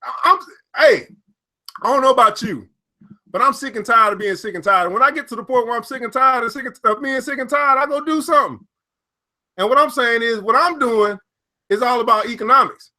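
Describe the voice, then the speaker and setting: A young man, hosting casual news and market commentary, reading headlines and riffing with frequent laughter. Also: very high-pitched. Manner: animated, laughs often, reads headlines then riffs. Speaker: financial commentary host.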